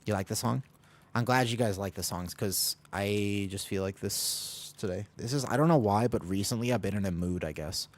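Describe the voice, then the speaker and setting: A fairly low-pitched man talks casually to his viewers as he plays, drifting between game calls and self-deprecating jokes. His talk is loose and rambling, full of asides to chat. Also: moderate pace. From United States. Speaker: streamer. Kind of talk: casual gaming stream chat.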